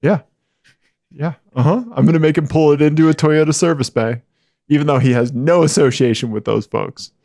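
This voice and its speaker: A man with a high-pitched voice co-hosting a podcast in a casual, chatty way, with frequent yeahs and okays. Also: brisk, vocal fry, dry recording, studio quality. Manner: animated, chatty, frequent back-channel yeahs. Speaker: podcast co-host. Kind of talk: casual chat.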